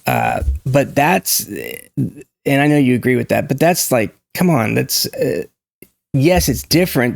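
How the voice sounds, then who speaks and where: Man, gravelly voice, emphatic and opinionated, casual talk to camera, dry close sound. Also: mid-range voice, very animated, normal speed, dry recording. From United States. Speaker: YouTube language commentator.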